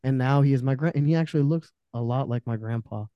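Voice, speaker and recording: A young man, a podcast guest, telling candid personal stories with intensity, swearing freely and swinging between loud outbursts and quiet trailing-off. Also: medium pitch, quick pace, clean tone, no echo, highs cut off. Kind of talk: candid personal storytelling in conversation.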